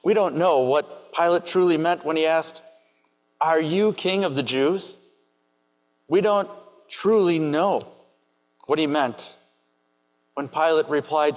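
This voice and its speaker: Higher-voiced preacher in a reverberant church. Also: male voice. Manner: measured, questioning delivery. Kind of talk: sermon.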